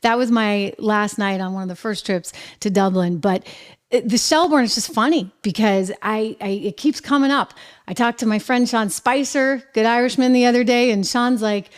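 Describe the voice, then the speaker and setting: A middle-aged woman hosting her own show, talking in a chatty, upbeat monologue full of lively asides. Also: fairly high pitch, normal speed. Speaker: show host. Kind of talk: casual monologue to camera.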